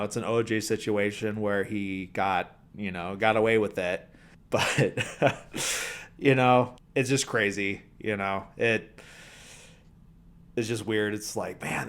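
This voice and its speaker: Low-voiced man recapping a film casually. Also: a bit bright. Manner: rambling, heavy on "like" and "you know" fillers. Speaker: podcast host.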